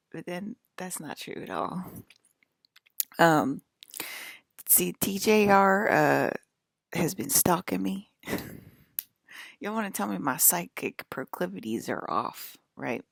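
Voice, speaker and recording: A woman in her thirties from the US East Coast, speaking with an East Coast accent, rambles casually to her viewers as a vlogger, laughing a lot and now and then dropping to a whisper. Her voice is lowish and creaky, with lively intonation, a slow pace, and long pauses. There's no room sound.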